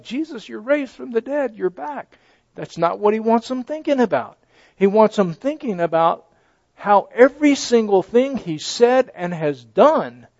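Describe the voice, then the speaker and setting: A man preaching a sermon, emphatic, swinging from loud declarations to hushed asides. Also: high voice, no echo. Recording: dry, dull lo-fi sound.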